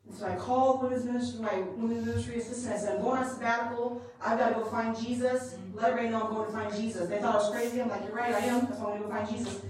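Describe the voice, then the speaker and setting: A woman leading women's ministry, preaching a conference sermon as testimony, by turns hushed and fervent. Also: on the high side, fairly even intonation, rapid-fire, few pauses, distant mic, slight background noise. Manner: impassioned, rising from hushed to loud and fervent. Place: large conference hall. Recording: echoey hall, recorded from afar.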